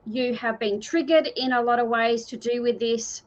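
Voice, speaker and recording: A woman's voice: a little high, normal speed. An Australian woman giving a live intuitive card reading in an earnest, repetitive, pleading manner. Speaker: card reader. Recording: dull lo-fi stream audio.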